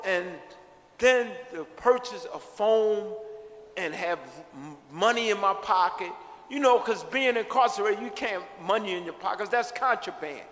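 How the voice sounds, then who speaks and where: A man's voice: sits high, a bit bright, long reverb tail. A middle-aged man earnestly telling his own life story in an interview, reflective and often repeating himself. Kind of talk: personal storytelling.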